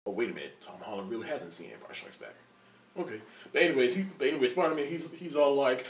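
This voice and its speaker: Young man, movie reviewer, rambling and excited, stumbles and restarts, roomy sound, set back from the mic. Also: mid-range voice, fast, gravelly. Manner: excited and rambling, many restarts, laughs a lot. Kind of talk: casual spoiler review. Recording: roomy echo, distant from the mic.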